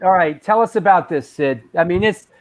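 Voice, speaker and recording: A man hosting a casual talk-show interview, asking hesitant, halting questions. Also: high-pitched, expressive. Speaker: host.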